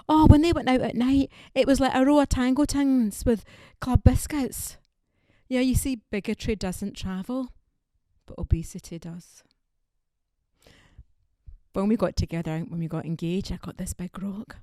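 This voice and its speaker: A woman's voice: a little high, a little mellow, no room sound, studio quality. A woman from Scotland, performing a wry, punchy stand-up comedy set. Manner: wry, punchy delivery with quoted voices.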